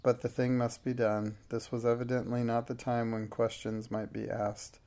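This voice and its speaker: A man with a medium-pitched voice narrates a classic novel for an audiobook, reading his script in a steady, measured way.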